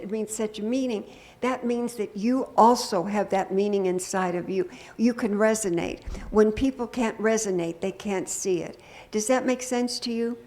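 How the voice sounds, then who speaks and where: An older woman minister preaching a sermon to her congregation, conversational and gently humorous, often asking the room questions. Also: fairly high pitch. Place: church sanctuary.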